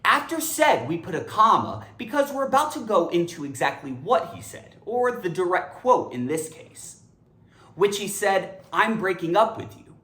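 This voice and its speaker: A woman giving a scripted grammar lesson, animated and emphatic. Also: on the low side, roomy sound. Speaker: English grammar teacher.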